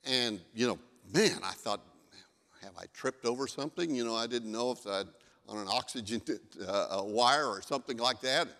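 A man's voice: mid-range voice, normal speed, pushed and bright. Man preaching in a reverberant church. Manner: conversational storytelling. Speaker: pastor. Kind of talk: sermon.

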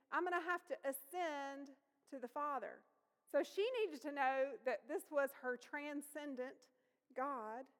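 High-voiced woman preaching in a hall. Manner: conversational, lively storytelling. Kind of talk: sermon with personal story. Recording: long reverb of a large hall.

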